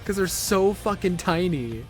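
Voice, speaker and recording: A man's voice: sits high, expressive, measured pace, faint music behind. A young man streaming a live game, ranting and swearing at a boss with repeated frustrated outbursts. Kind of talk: live gameplay commentary.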